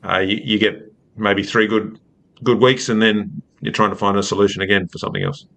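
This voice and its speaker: A man's voice: lowish voice, fairly even intonation, fairly quick, creaky, a bit bright. A man chatting casually as a panelist on a rugby podcast, setting up a joke with mock ceremony. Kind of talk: casual chat. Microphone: podcast microphone.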